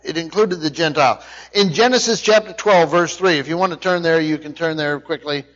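Male preacher, high voice, explanatory teaching sermon, dull lo-fi sound. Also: brisk, a bit bright. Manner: explanatory, questions to the congregation. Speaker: Bible teacher.

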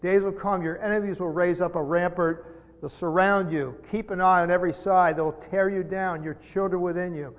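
A middle-aged man preaching a sermon as pastor, earnest and halting, with repeated words, rising to emphatic peaks. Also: sits high, fairly even intonation. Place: church sanctuary. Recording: dull sound with long hall reverb.

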